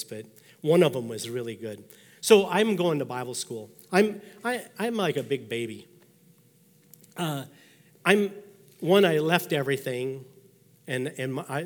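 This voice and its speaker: A man in his sixties, a pastor giving a sermon, telling personal stories in a folksy way and acting out the thoughts he quotes. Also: medium pitch. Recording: long reverb of a large hall.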